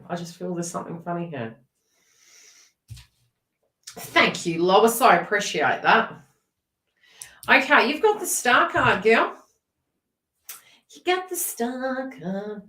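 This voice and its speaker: A woman's voice: mid-range voice, a little slow, pauses often, distant mic. Chatty woman giving a tarot reading. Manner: chatty, animated, laughs often and talks to viewers in chat. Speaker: tarot reader. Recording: echoey room, away from the mic.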